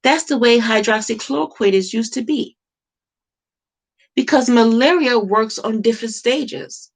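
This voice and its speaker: A woman's voice: fairly high pitch, unhurried. A woman talking to camera in an impassioned monologue, emphatic and repetitive, firing off rhetorical questions. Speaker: vlogger.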